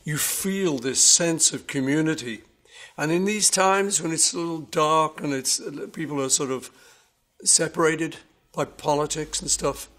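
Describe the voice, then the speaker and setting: A man being interviewed about his songs, telling stories in a relaxed, rambling way with many self-corrections. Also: fairly high pitch. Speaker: interviewee musician. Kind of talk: casual anecdotal storytelling.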